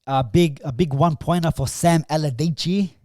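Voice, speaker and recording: A man, co-hosting a casual football chat, who gets animated in bursts and trails off mid-sentence. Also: a little high, moderate pace, dry recording, studio quality. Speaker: podcast co-host.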